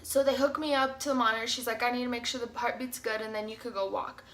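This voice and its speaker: Bright, chatty young woman vlogger. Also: a little high, quick pace. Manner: chatty, animated, says "like" often. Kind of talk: casual storytime.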